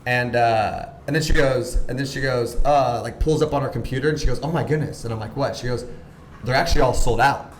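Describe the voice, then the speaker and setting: A man's voice: medium pitch, fairly quick, a little hiss or hum. Chatty man in his thirties, echoey room. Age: 30s. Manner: animated, acts out quoted voices, lots of "like". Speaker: podcast guest. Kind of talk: casual storytelling chat.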